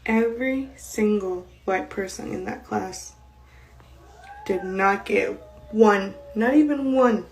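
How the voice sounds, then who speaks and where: A woman's voice: medium pitch, vocal fry, darkish tone, rough recording. A woman casually telling a story in an incredulous, emphatic way.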